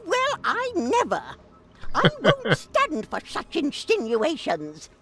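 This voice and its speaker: An actress voicing a sharp-tongued, eccentric old woman in a video game, speaking in a haughty, dramatic way. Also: high voice, wildly swooping pitch, slow pace, exaggerated voice. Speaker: game character.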